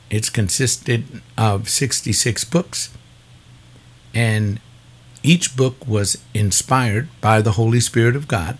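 Low-voiced man preaching a Bible lesson. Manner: conversational preaching with repetitions. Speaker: pastor. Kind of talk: call-in Bible teaching.

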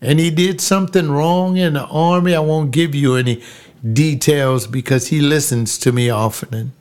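An older man, a pastor, telling a personal story slowly and emphatically, repeating phrases and rising into preaching. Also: on the high side, steady tone, a little mellow, clean tone.

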